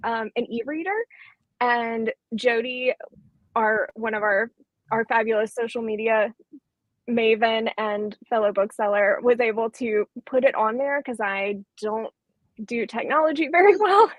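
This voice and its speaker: A woman's voice: fairly high pitch, measured pace, dry recording, muffled recording. A woman bookseller in a casual live-streamed chat, talking in a chatty, enthusiastic way with lots of fillers. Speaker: bookseller co-host.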